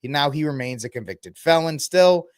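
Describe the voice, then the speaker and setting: A man's voice: a little high, expressive, moderate pace, smooth, dry recording, studio quality. Sarcastic man hosting a podcast. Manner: rambling and sarcastic, jokes and mocks as he reads. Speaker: podcast host. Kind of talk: casual political commentary.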